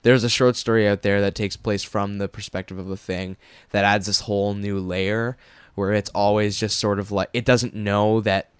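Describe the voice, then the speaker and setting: Casual podcast co-host, male, low smooth voice, dry close sound, loose rambling delivery. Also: level tone, normal speed, no echo. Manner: rambling, many fillers and restarts. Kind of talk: casual chat.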